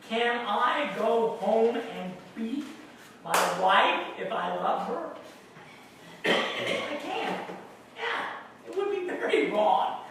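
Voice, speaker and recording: Male pastor, high, bright voice with a lively swing, slow sermon delivery, recorded from a distance in a very reverberant church hall. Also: slight background noise. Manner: slow, deliberate, asks the congregation questions. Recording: very echoey room, mic far off.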